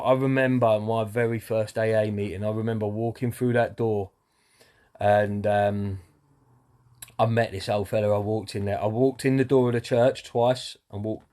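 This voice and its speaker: A man's voice: on the low side, steady tone, normal speed, mellow. A man talking openly about his recovery, earnest and candid, with many fillers and some swearing. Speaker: person in recovery sharing his story. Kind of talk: personal talk to camera.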